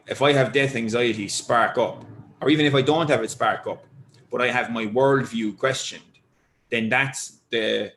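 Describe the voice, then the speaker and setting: A man's voice: fairly low pitch, fairly bright tone. A man co-hosting a podcast who explains ideas thoughtfully, restarting often as he builds his argument. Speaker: podcast co-host. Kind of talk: explanatory conversation.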